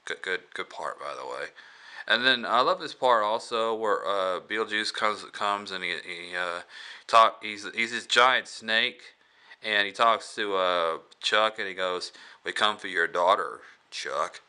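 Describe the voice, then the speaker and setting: A man talks through a film review in a loose, rambling way, full of hesitations and restarts and chuckling as he retells scenes. His voice sits a little low but sounds very bright and sharp, with a smooth, crisp clarity. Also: a little slow. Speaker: movie reviewer. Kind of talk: casual movie review vlog.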